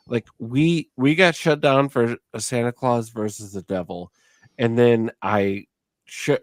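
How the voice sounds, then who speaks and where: A middle-aged podcast host, tipsy from drinking and slightly slurring, rants through a casual chat with plenty of profanity. His voice sits on the low side, with no echo.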